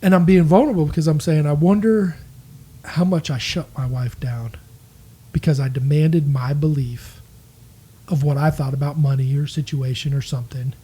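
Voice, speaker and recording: A man's voice: on the high side, fairly even intonation, moderate pace, mellow, husky. A man co-hosting a marriage podcast, talking earnestly and candidly, owning up to his own faults. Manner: earnest, self-critical, quotes people in acted voices. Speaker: podcast co-host.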